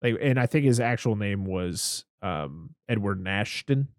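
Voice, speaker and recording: Low-voiced man in casual profane chat. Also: expressive, unhurried, no room sound, clean studio sound. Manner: profane, rambling, enthusiastic retelling with filler words. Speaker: podcast co-host recapping a film.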